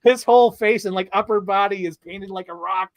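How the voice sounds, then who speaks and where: A man with a slightly high voice chats about films on a podcast, animated and quick to laugh, and he slips into little impressions of movie lines. The sound is close and dry, with no room around it. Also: no echo. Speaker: podcast co-host. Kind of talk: casual film discussion.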